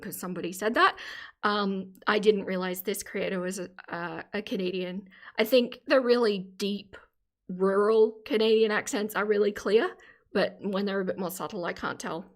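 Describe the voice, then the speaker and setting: A woman's voice: mid-range voice, fairly bright tone. Chatty Australian woman live-streaming. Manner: chatty, laughs often, careful clear enunciation. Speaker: livestream host. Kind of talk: casual live-stream chat answering viewer comments.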